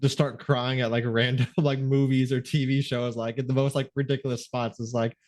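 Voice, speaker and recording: A man hosting a podcast in casual, reflective conversation. His voice sits at an ordinary middle pitch. He thinks out loud, filling his sentences with frequent "like"s. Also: little pitch movement, fairly quick. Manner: reflective, leans heavily on "like" as filler. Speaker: podcast host.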